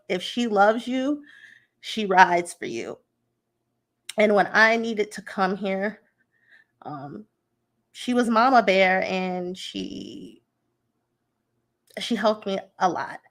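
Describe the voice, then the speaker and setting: Heartfelt woman podcaster, gravelly voice. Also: medium pitch, fairly bright tone. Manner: emotional, heartfelt, rambling with fillers. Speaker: podcast host. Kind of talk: casual personal talk.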